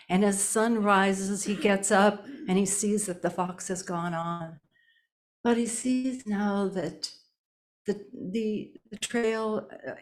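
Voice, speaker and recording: Slow, deliberate woman storyteller. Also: fairly low pitch, a little mellow. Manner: slow, deliberate, with long pauses. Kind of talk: live oral storytelling. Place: storytelling event indoors.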